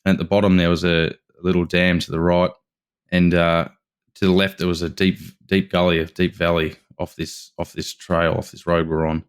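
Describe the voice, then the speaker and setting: A man's voice: low voice, flat delivery, moderate pace, clean tone. An Australian man, a podcast guest, telling a story in an eager, rambling way, with many restarts and casual asides.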